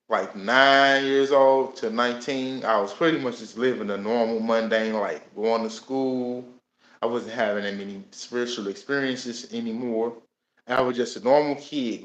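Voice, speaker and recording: A man in his thirties telling his own life story in a casual, animated way, acting out what he and others said. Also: medium pitch. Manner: casual and animated, with many laughs and voiced asides. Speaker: host. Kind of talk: personal storytelling. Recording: echoey room.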